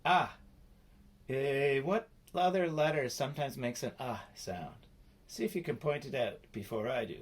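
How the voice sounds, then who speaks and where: A man teaching a children's phonics lesson in a slow, playful way, sounding out letters and syllables. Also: medium pitch, slightly rough. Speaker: spelling teacher.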